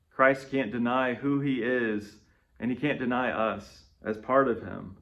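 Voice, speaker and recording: A man's voice: mid-range voice, steady tone, unhurried, a bit bright, muffled recording. A man reading scripture and reflecting on it as a devotional speaker. He talks in a conversational way and often checks in with "right?". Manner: conversational, tags points with "right?".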